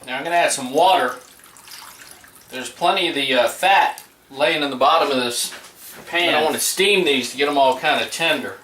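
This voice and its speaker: A man's voice: a little high, normal speed. A middle-aged man from the Gulf Coast, chatting casually to viewers while he grills in his backyard. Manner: laid-back, chatty, talks to viewers while cooking. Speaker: home cook vlogger. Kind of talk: casual cooking vlog. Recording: roomy sound from a distance, faint background noise.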